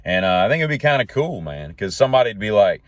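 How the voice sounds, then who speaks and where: A man's voice: lowish voice, sing-song, fast, dry recording. A man hosting a solo talk show, rambling from one joking tangent to the next in a folksy way. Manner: jokey, tangent-jumping, folksy. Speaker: podcast host.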